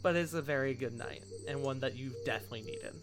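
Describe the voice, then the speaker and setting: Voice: mid-range voice, quick pace. A game master narrating a tabletop game in a casual, rambling way. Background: background music.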